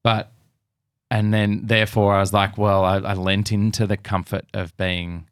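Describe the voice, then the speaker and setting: A deep-voiced man hosting a conversation, picking his way through his thoughts with halting restarts. The sound is close and dry, with no room in it. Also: level tone, smooth, no echo. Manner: hesitant, searching, with many restarts. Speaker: podcast host. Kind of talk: reflective conversational interview.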